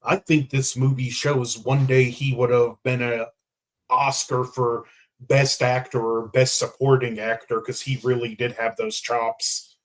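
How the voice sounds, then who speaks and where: A man's voice: medium pitch, level tone, unhurried, poor audio. A man, a guest on a casual film review podcast, who speaks reflectively and fills his sentences with "like" and "just". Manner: thoughtful and reflective, with many fillers of "like" and "just".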